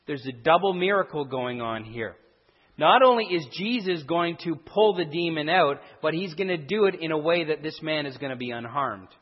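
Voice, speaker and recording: A man's voice: on the high side, lively intonation, moderate pace. A man explaining a Bible passage verse by verse, with restarts and emphatic stresses. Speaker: Bible teacher. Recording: dull sound with a long hall echo.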